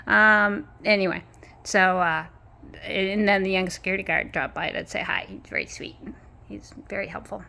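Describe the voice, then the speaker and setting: A woman's voice: medium pitch, fairly even intonation, moderate pace, creaky, sharp tone. A woman vlogging in a casual, meandering way with frequent small laughs, speaking outdoors in an apartment courtyard. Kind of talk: casual rambling chat.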